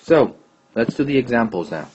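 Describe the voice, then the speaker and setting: A man's voice: medium pitch, animated, moderate pace, a little mellow, a little hiss or hum. A man teaching a Spanish grammar lesson, patiently repeating and checking answers aloud. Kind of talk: classroom lesson explaining grammar. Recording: dull lo-fi recording.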